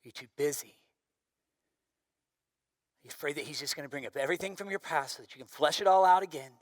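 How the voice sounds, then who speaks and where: A young adult man, a pastor, preaching a sermon in an animated way, swinging from loud bursts down to hushed, quiet lines. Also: fairly high pitch, quick pace, no echo, clean studio sound.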